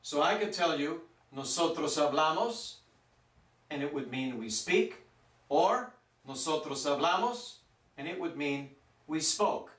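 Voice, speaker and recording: A man teaching a Spanish grammar lesson, speaking slowly and stretching out words to show their pronunciation. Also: a little high, animated, a bit bright. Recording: roomy echo, mic some distance off.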